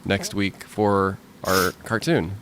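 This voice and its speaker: A man's voice: low-pitched, little pitch movement, slow, very noisy. A man hosting a podcast in casual chat, rambling and laughing as he talks. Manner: laughing, rambling, self-interrupting. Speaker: podcast host and band member.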